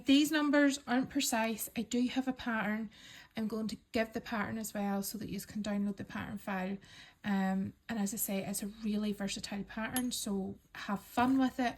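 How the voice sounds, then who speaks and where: A woman calmly talking learners through a crochet pattern step by step, counting stitches aloud and reassuring them. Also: mid-range voice, creaky, husky. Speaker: crochet instructor. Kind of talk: step-by-step craft tutorial.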